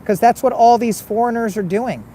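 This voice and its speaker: A man's voice: very high-pitched, fairly quick, mellow, slight background noise. A man hosting a casual livestream, reading viewer comments and arguing back with repeated rhetorical questions. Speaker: livestream host.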